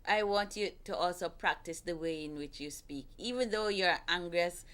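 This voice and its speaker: A woman's voice: fairly low pitch, normal speed, clear, resonant tone. A woman hosting a family talk show, earnestly coaching couples on how to speak to each other. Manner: earnest, gentle, repeats herself while coaching. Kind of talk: casual advice talk.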